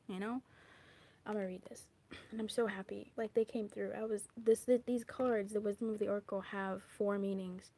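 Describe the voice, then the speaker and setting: A woman giving a casual, animated spoken card reading. She talks in a chatty way with swearing, drops into whispers, and acts out little asides. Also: mid-range voice, moderate pace. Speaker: tarot reader.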